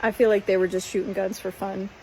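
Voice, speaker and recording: A woman from Minnesota telling a story in her vlog in a calm, matter-of-fact way. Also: mid-range voice, fast, slight background noise, rough recording. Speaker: van lifer vlogger.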